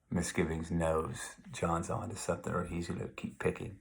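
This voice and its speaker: A male teacher walking his class through a novel in a relaxed, conversational lecture. His voice sits very low with a gravelly fry. He drifts into asides and reads passages out loud as he goes. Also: normal speed, few pauses. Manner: conversational, digressive, reads quotes aloud. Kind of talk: recorded literature lecture.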